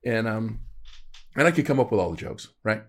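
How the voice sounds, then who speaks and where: A man in his forties, hosting a podcast and telling a story in a casual chat. He is animated and uses self-deprecating humor. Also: on the low side, fairly quick. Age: 40s. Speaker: podcast host.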